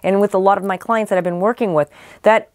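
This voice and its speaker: A woman's voice: mid-range voice, fairly even intonation, fast, darkish tone, clear, resonant tone, dry recording. A woman doing a casual spoken tarot reading, rambling with many restarts, and she says she is losing her voice. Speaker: psychic tarot reader.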